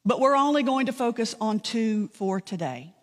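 A woman pastor delivers a sermon with a fairly high voice. She tells the story conversationally and drops dry asides. Her voice carries a long reverb from a church hall. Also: lively intonation, moderate pace.

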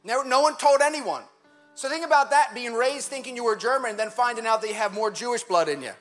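A male pastor giving a conversational, animated sermon in a church, with quick asides and laughter. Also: very high voice, faint music behind.

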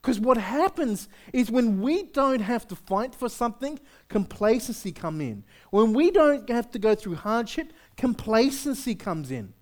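Preaching a sermon to his congregation, a pastor keeps a conversational tone and throws out rhetorical questions. His voice stays lively throughout, its pitch swinging freely.

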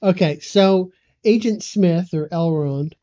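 Low, mellow woman recapping a movie. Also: takes it slowly, no room sound, lo-fi sound. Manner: dry, recapping the plot. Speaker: podcast co-host. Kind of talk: casual movie discussion.

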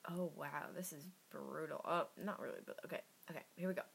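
A woman's voice: low-pitched, fairly even intonation, a little fast, creaky, breathy edge. A young woman co-hosting a podcast, playfully guessing and reading reviews aloud in casual chat. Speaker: podcast co-host.

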